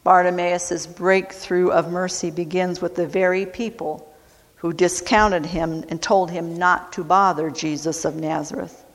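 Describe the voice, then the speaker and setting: A woman preacher delivering a sermon at a very unhurried pace, lingering over each phrase. She repeats key words for emphasis, and her voice trails off into a long hall reverb. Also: lowish voice, steady tone.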